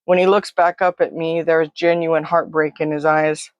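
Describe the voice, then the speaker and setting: A woman's voice: deep voice, flat delivery, moderate pace, few pauses, dry recording. A woman telling a first-person story in a vivid, present-tense, close way. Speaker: narrator.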